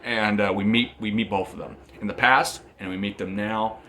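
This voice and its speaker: A man's voice: fairly low pitch, fairly even intonation, moderate pace, sharp tone, slight background noise. A man casually recapping a manga story, rambling and often repeating and restarting phrases. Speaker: manga reviewer.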